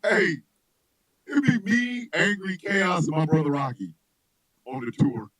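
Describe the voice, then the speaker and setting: A man who is a comedian and radio host, joking loudly in animated casual chat, often shouting and laughing. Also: high-pitched, measured pace, low-quality recording.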